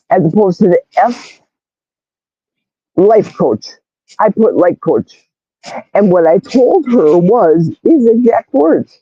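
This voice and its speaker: A woman in her sixties rambles through stories on her livestream and reads out chat comments as they come in. Her voice is mellow and unhurried, but her pitch swings widely. The audio is dry and dull, like lo-fi stream sound. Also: expressive, slightly rough, no room sound. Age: 60s. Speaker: livestream host.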